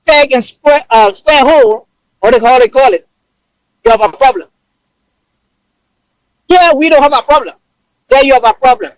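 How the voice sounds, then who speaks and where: A man's voice: very high voice, no room sound, low-quality recording. A man calling in to a radio show, hesitating and restarting as he makes his point. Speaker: caller. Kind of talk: call-in radio.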